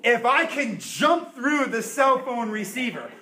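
A man preaching a sermon as a pastor, emphatic, with dramatic pauses and swings between loud and soft. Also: extremely high pitch, big pitch swings, heavy background noise. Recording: echoey room.

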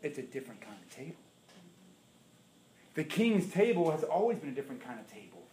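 A middle-aged man preaching a sermon as pastor, telling stories with big swings between loud and hushed. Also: fairly high pitch, sing-song, fairly quick. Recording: echoey room.

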